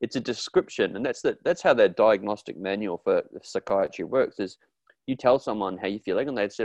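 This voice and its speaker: A man talking in a casual interview about his therapy work, earnest and animated, acting out quoted voices with frequent restarts. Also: fairly low pitch, moderate pace, no echo, dull audio. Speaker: therapist guest.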